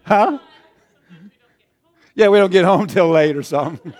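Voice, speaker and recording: Male pastor, high voice, chuckly sermon delivery, calls for amens. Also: measured pace, a little mellow. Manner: chuckling, call-and-response.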